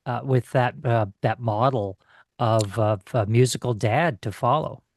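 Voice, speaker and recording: A man hosting a radio interview show, reading his introduction in a lively announcer tone. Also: medium pitch, a little slow.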